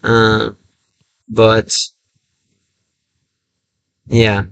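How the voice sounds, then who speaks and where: A man streaming a game, chatting casually and thinking aloud in a halting, self-correcting way. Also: fairly low pitch, monotone, creaky, a bit bright, lo-fi sound, slight background noise. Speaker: language-learning streamer. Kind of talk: casual livestream chat while gaming.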